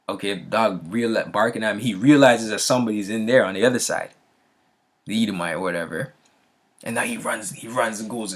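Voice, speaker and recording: With a fairly low, slightly bright voice, a male vlogger rambles through a story, often restarting sentences and checking in with whoever's listening. Fillers come frequently, and he laughs every so often.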